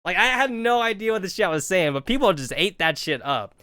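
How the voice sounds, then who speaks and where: A man's voice: high voice, big pitch swings, a little fast, bright, forceful tone, smooth, no echo, studio quality. A man in his thirties telling a rambling, profane story on a game stream, full of "like" and acted-out quotes. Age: 30s.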